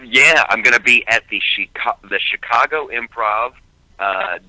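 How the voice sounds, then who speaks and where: A man's voice: mid-range voice, measured pace, bright, forceful tone, no echo, low-quality recording. A male comedian talking animatedly by phone as a radio guest, with frequent stammered restarts. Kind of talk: casual radio interview. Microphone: phone call.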